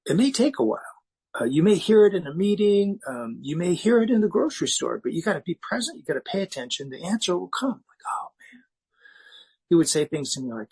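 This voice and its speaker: A man's voice: fairly high pitch, very animated, moderate pace, breathy edge, poor audio. A middle-aged man from the United States speaking as a recovery meeting speaker, in a candid, self-mocking personal talk with frequent restarts.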